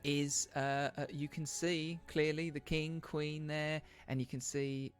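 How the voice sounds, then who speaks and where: A man's voice: on the high side, flat delivery, a little slow, faint music behind. A man narrating a tabletop game livestream as game master, hesitant and self-deprecating, with lots of fillers.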